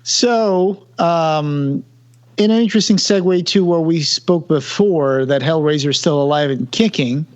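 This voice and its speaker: A man's voice: a little high, a little slow, highs cut off. A man co-hosting a podcast in casual chat, talkative and self-deprecating, full of fillers and restarts. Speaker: podcast co-host.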